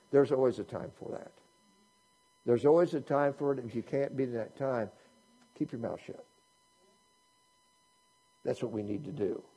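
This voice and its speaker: A man's voice: mid-range voice, mellow, husky. A man preaching a sermon in a conversational way, asking his listeners many rhetorical questions. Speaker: pastor.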